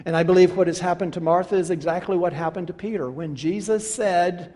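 A man preaching a sermon, emphatic and rhetorical, repeating his questions and swinging between hushed and loud passages. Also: high voice, brisk, few pauses. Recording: long reverb of a large hall.

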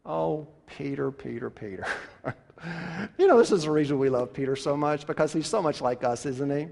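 A man delivering a sermon as a pastor, animated and full of rhetorical questions, swinging from loud to hushed. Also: fairly high pitch, a little fast. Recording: long reverb of a large hall.

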